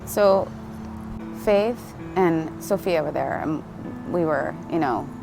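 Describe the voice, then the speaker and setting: A woman's voice: sits low, takes it slowly, creaky, over music. A woman telling a personal spiritual story in a rambling, casual way, swearing often and asking "right?". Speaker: spiritual vlogger.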